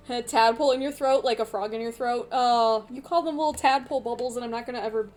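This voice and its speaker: A woman's voice: a little high, brisk, darkish tone. A woman streamer chatting casually while playing a game, with giggly, rambling asides. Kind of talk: casual chat while gaming.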